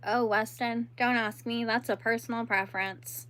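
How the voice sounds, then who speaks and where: A woman's voice: on the high side, steady tone, moderate pace, fairly bright tone. A young woman hosting a crochet livestream, chatting casually and laughing while she answers viewers and works.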